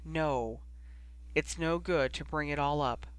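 A man voicing a guarded young wizard who speaks quietly and bitterly. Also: on the high side, takes it slowly, smooth, dry recording.

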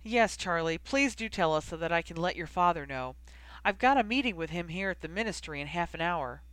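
Brief: narrator voicing a businesslike, dismissive official woman, pitched up, clipped. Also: lively intonation, brisk, fairly bright tone, clean tone, dry recording, close to an everyday voice. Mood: curt. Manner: curt and businesslike.

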